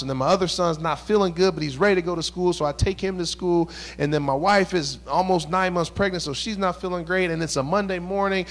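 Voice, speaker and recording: A man in his thirties, a pastor preaching a midweek sermon in a conversational style that rises into emphatic bursts. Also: a little high.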